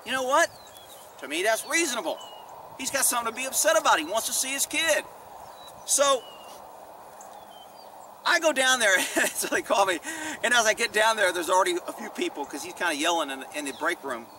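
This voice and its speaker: A man's voice: high voice, expressive, a little fast, long pauses, bright, forceful tone. A middle-aged man, a former police officer, telling stories in a casual vlog with a profane, rambling, candid way of talking. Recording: distant mic with faint background noise.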